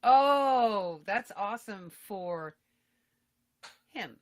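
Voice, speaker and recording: Woman, podcast co-host, quick reactions, frequent laughter, mid-pitched, dry close sound. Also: animated, no echo. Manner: warm, reactive listener, laughs often. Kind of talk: casual chat.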